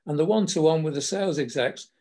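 A slightly high but dark-toned voice belongs to an older man with a southern English accent who talks fast. He tells tales from his career in a casual, memoir-like way, chuckling as he goes.

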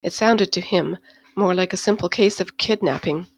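A woman narrating a science-fiction novel in a steady, measured storytelling manner. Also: lowish voice, poor audio. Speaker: audiobook narrator. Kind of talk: scripted narration.

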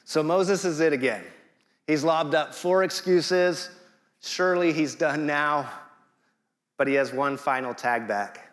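A man's voice: a little high, unhurried, a bit bright, big-room sound. A middle-aged man preaching a sermon in a conversational way, dropping jokey asides. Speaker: guest preacher.

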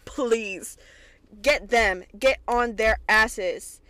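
A young woman from Kentucky hosting a podcast, recapping a TV episode in an excitable, chatty way with plenty of swearing. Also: fairly high pitch, very slow, no room sound. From Kentucky, USA. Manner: chatty, profane, excitable retelling. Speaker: podcast host.

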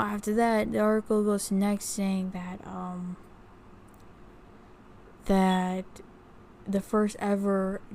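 A woman vlogger with a medium-pitched, slightly mellow voice chats casually to camera about her research, with a little hiss or hum on the audio. She's unhurried, reading from her notes, and rambles with lots of fillers and restarts.

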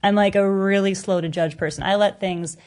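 Young woman telling an animated story. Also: a little fast. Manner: animated storytelling, high-pitched when quoting herself. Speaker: guest storyteller. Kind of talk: casual chat.

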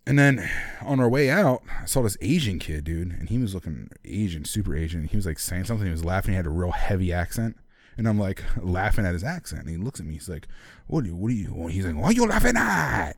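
A man's voice: sits low, animated, fast talker, a little mellow, dry recording, clean studio sound. A man co-hosting a podcast, telling a story in casual chat, laughing and acting out the people he quotes. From Philadelphia area. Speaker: podcast co-host.

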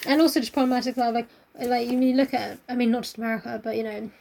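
Casting: young woman co-host, gravelly fry, slightly high, blunt and earnest. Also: fairly even intonation, quick pace, darkish tone. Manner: blunt, earnest commentary with casual swearing. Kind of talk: casual chat.

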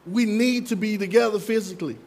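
A man's voice: high voice, a little fast, a little mellow. A man preaching a sermon as pastor, calling out to the congregation for responses and slipping in playful asides.

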